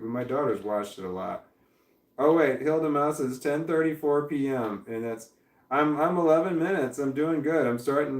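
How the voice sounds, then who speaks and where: A man rambles through a casual livestream, reading viewer comments and swearing freely. His voice is gravelly and sits at a middling pitch. He sounds a little far from the mic, in a roomy space. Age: adult parent.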